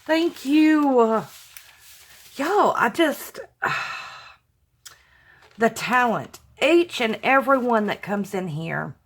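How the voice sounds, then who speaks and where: Slow-talking gushing woman. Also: fairly high pitch, expressive. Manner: gushing, effusive, sighing with emotion. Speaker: crafting vlogger opening fan mail. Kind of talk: casual unboxing chat to viewers. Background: crinkling paper and packaging.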